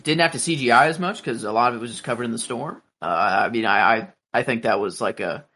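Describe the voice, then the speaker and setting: A male podcast co-host with a bright, forward tone at a middle pitch. He rambles along loosely, backing up and restarting his sentences. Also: quick pace. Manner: rambling, many fillers and restarts. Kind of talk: casual chat.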